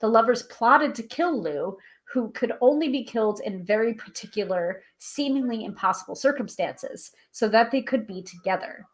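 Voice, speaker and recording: A woman hosting a live tarot stream, chatting casually and reading aloud from a guidebook, self-deprecating and a little halting over hard names. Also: fairly high pitch, expressive. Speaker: tarot reader and livestream host.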